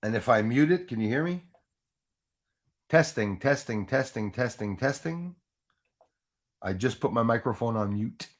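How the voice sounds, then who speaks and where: A man's voice: medium pitch, animated, measured pace, long pauses. A man hosting a live stream in a rambling, casual way, often restarting and laughing at his own jokes, into a USB microphone at home. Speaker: livestream host. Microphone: Yeti USB microphone.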